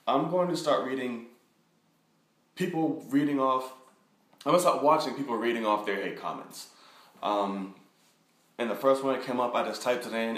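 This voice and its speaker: A man with a somewhat deep voice eases into a casual, meandering introduction, padding his sentences with ums and you-knows. His voice bounces around an echoey room. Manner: rambling, relaxed, with many fillers. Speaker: YouTube reaction host. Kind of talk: casual monologue.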